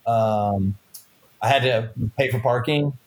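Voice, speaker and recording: A man's voice: medium pitch, slow pace, a little mellow. A young man, a stand-up comedian co-hosting a podcast, complaining in casual chat, exasperated and swearing.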